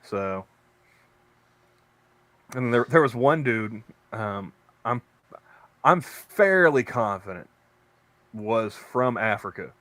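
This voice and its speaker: A man's voice: on the low side, animated, takes it slowly, pauses often, a bit bright, no echo. A man co-hosting a casual podcast chat, rambling through stories with many restarts. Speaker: podcast co-host; convenience store worker.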